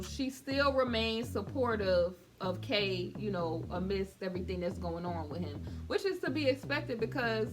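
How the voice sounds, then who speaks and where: A woman hosting casual celebrity commentary with a sassy, conversational manner, calling her listeners honey and boo. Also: mid-range voice. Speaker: YouTube commentary host.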